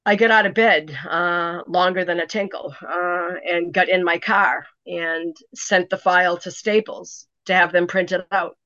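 Speaking a little slowly with few pauses, a first-time author with a fairly low voice gives an animated, dramatic retelling in a casual interview, restarting often. The recording is dry with no echo, lo-fi and slightly dull.

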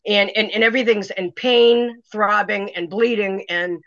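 A woman's voice: medium pitch, moderate pace, no echo. A woman, a first-time author, telling a dramatic story in a casual interview, full of restarts. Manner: animated, dramatic retelling with many restarts. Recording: slightly dull, dry lo-fi sound.

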